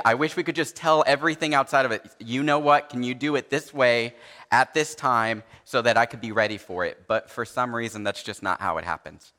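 Guy pastor preaching casual-like, lots of uh and you know, bright voice, echoing in a big church hall. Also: medium pitch. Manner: conversational, uses many fillers and acts out quoted dialogue. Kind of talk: sermon.

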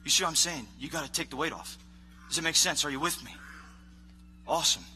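A man preaching a casual, animated sermon as a youth pastor, acting out voices of characters. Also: a little high, fast talker, slight background noise.

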